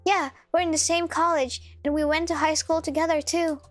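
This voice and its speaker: Calm, quietly menacing girlfriend, read out by a woman. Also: sits high, normal speed, faint music behind, voice pushed up, natural voice. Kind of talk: reading game dialogue aloud.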